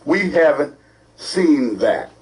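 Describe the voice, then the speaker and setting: A male co-host from ranting in an animated, scolding, sarcastic way on a talk show. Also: a little high, takes it slowly, poor audio. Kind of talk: opinionated talk-show rant.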